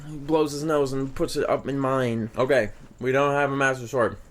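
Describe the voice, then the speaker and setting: A man's voice: mid-range voice, steady tone, moderate pace, a little hiss or hum. A young man hosting a gaming video, talking over his play in a dry, rambling way with offhand jokes. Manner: dry, rambling, jokey asides. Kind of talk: deadpan gameplay commentary.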